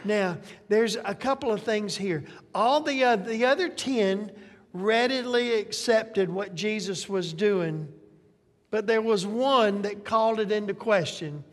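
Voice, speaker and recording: A pastor delivers a sermon slowly and conversationally, often pausing to check in with the listeners. The voice sits at a middle pitch. It is recorded with long reverb in a hall. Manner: conversational, checks in with tag questions.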